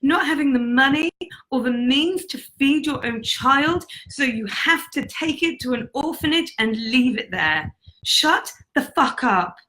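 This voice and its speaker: A woman's voice: on the high side, fairly bright tone, poor audio. A woman life coach giving a blunt, profane motivational talk to camera, speaking emphatically. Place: on retreat in Bali.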